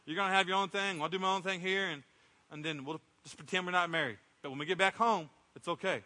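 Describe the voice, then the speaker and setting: A middle-aged male pastor preaches in a relaxed storytelling way, acting out what people said. His voice is very bright and sits a little high. The sound rings out with the long reverb of a church sanctuary. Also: fast talker. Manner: conversational storytelling, acts out quotes. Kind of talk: sermon.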